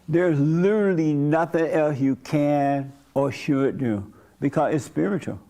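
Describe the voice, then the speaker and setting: A pastor with a medium-pitched, darkish voice leads an informal church service. He talks to his congregation in a blunt, folksy, conversational way, coaxing answers out of them.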